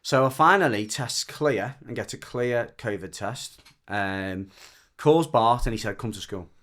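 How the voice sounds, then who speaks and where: Speaking at a measured pace in a mid-range, fairly bright voice, a Wirral man with a Merseyside accent tells a story on a podcast. He's a dog trainer and guest, and his casual chat is frank and rambling, full of restarts and swearing.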